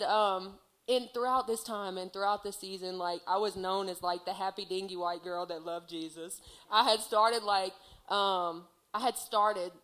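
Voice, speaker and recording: A woman sharing a heartfelt personal testimony in church, speaking earnestly and filling her sentences with "like" and "um.". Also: mid-range voice. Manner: earnest, heartfelt, filler-heavy with many "like"s.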